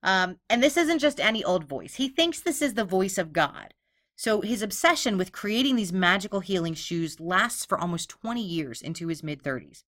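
A woman's voice: mid-range voice, expressive, moderate pace, a bit bright, dry recording, studio quality. A woman hosting a true-crime podcast, narrating casually in a blunt, sarcastic way and swearing freely. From Philadelphia. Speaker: podcast host.

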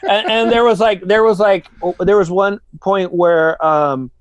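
A man's voice: high voice, unhurried. A man telling crude, rambling stories in a casual chat between friends. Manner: profane, rambling, animated storyteller.

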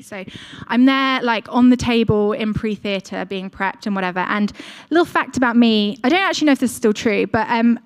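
A young woman delivers a sermon through a personal story. She talks in a chatty, informal way, full of fillers and asides to her listeners. Her voice sits slightly high for a woman. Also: moderate pace, clear, resonant tone. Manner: chatty storytelling, frequent "like" and "um", lively asides to the congregation. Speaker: preacher.

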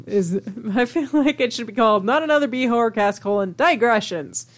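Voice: mid-range voice, lively intonation, fairly quick. A podcast co-host in casual chat who chimes in with short agreements and laughs often.

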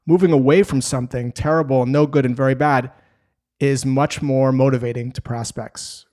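A man giving a sales lesson in an energetic, emphatic way, telling stories and breaking down steps. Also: medium pitch. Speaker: sales trainer. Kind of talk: instructional talk to camera.

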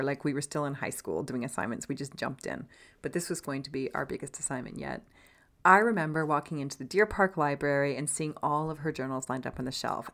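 Low-voiced woman podcast narrator. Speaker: podcast co-host.

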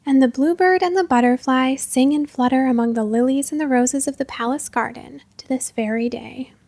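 A woman narrating a classic children's fairy tale in a gentle, measured storytelling manner. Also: sits high, no room sound.

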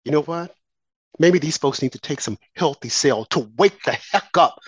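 A woman's voice: low-pitched, normal speed, slightly rough, no echo. A woman delivering a heated political opinion monologue as a commentator, sarcastic and mocking opponents in a sing-song voice. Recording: dull lo-fi sound.

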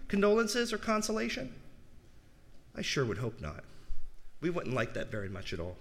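A man delivering a sermon, asking the congregation rhetorical questions and swinging between soft low asides and raised emphatic peaks. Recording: long hall reverb.

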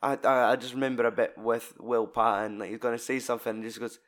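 Speaking fast with a mid-range pitch, a Scottish man chats loosely about a film. He curses a lot and jumps into loud voices to act out scenes.

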